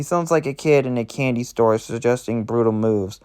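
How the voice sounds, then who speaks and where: A man narrating a roleplay aloud in a plain, steady reading voice. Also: medium pitch, moderate pace, few pauses, smooth.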